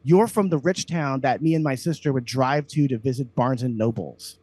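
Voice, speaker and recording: A man's voice: medium pitch, moderate pace, dark tone, dry recording. A man from Louisiana, a comedian hosting a podcast, ranting heatedly and profanely in casual talk.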